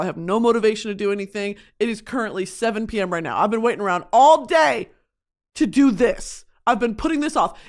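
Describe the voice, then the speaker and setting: A young woman hosting a podcast from her home studio, chatting casually and expressively, swearing often and mocking herself in exaggerated voices. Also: mid-range voice. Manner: expressive, swears a lot, mocking self-talk. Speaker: podcast host. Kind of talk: casual chat.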